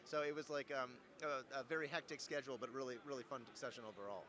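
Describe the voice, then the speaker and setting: A man's voice: medium pitch, fast, a little hiss or hum. A young adult man, a voice actor, telling stories in a casual interview, playful and joking. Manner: playful, joking, animated storyteller. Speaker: voice actor guest.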